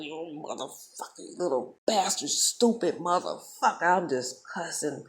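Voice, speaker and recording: A woman vlogger, telling a story in a heated, profane, animated way. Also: very deep voice, a little hiss or hum. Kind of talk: casual storytelling monologue.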